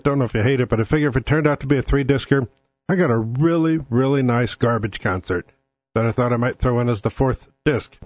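On his own show, this podcast host argues politics casually, bluntly and combatively, swearing a lot. He speaks in a mid-range voice, and there's no echo.

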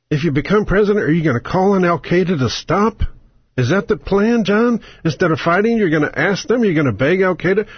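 A man's voice: high voice, husky, no room sound, lo-fi sound. A man hosting a talk radio show, ranting about politics with angry sarcasm, profanity and strings of rhetorical questions.

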